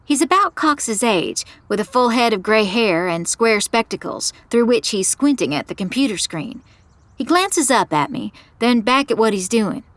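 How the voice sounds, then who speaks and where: A woman giving first-person scripted narration of an audio drama in a measured storytelling manner. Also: on the high side, expressive, fairly bright tone, no room sound.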